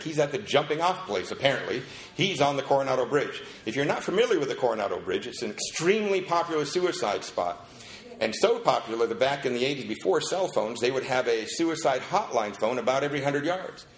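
A man telling a lively story at a recovery meeting and acting out the people in it. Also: mid-range voice, echoey room. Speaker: speaker sharing his story at a recovery meeting.

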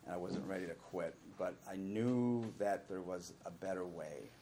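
A man's voice: sits low, normal speed, warm tone, a little hiss or hum. A middle-aged man telling his own recovery story in a candid, rambling way, sometimes acting out the voices of the people he quotes. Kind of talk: personal recovery talk.

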